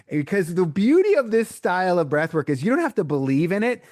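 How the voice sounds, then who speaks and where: Animated male breathwork coach. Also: high voice, fast talker, dry recording, clean studio sound. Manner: animated storyteller acting out quotes. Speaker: breathwork coach, podcast guest. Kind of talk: conversational storytelling interview.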